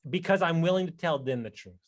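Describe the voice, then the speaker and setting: A man hosting a podcast in a casual conversation, telling stories loudly and emphatically, swearing freely. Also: on the high side, lively intonation, fast talker. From Texas. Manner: loud, emphatic storyteller who swears freely. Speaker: podcast host.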